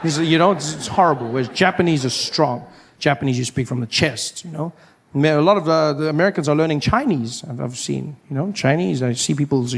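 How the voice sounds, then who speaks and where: A man in his thirties from Africa, performing a stand-up set and jumping into high put-on voices for his bits. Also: brisk, slightly rough. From South Africa. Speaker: stand-up comedian. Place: live comedy venue.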